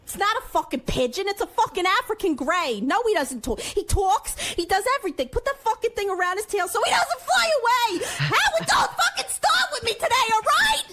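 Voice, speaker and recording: A woman imitating a frantic, paranoid, foul-mouthed woman caller who shouts and rants defensively. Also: very high-pitched, big pitch swings, a little fast, hardly any pauses, exaggerated voice. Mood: ranting.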